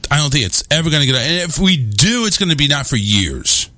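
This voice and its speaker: A man's voice: on the high side, big pitch swings, fairly quick, sharp tone, no echo, clean studio sound. A man hosting a radio show, chatting casually and joking around, sometimes slipping into silly voices.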